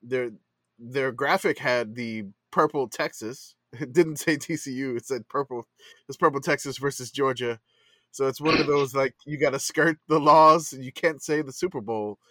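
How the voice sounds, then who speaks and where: A man's voice: medium pitch, moderate pace, sharp tone, dry recording. A man co-hosting a casual sports podcast, talking in a rambling way full of fillers and laughs. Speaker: podcast co-host. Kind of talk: casual chat.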